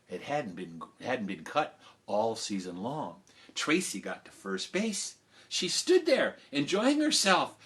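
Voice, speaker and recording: A man telling a story to children live, animated, swinging between loud cheering and hushed asides. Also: medium pitch.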